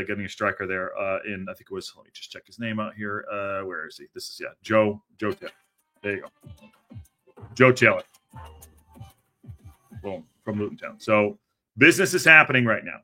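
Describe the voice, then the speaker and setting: A tired, low-energy man from Southern California hosts a football news livestream in a bright, mid-range voice. His casual chat is hesitant and full of fillers, and he reads messages from the chat aloud.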